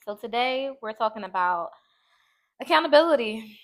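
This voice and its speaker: A woman's voice: on the high side, expressive, normal speed. A woman co-hosting a podcast in casual chat who laughs easily and earnestly steers the topic back. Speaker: podcast co-host.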